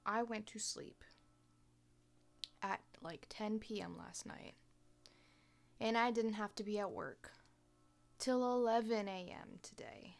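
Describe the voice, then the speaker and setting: Soft-spoken young woman vlogging. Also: medium pitch, slow pace, vocal fry, long pauses. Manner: soft-spoken, often half-whispered, hesitant with many fillers. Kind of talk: casual personal vlog.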